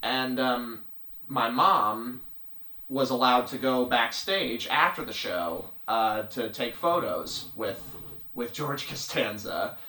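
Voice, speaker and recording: A man co-hosting a podcast, telling an anecdote in a halting, casual way with dry understatement. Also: medium pitch, lively intonation, bright, forceful tone. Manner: halting, full of ums and likes, dry understatement. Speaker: podcast co-host. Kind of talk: casual storytelling chat. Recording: roomy echo.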